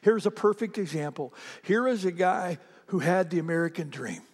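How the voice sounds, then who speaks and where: A man preaching a sermon as pastor, telling a story with lively animation and dropping to a hush for serious points. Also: high-pitched, normal speed, breathy edge, in a large hall. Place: church sanctuary.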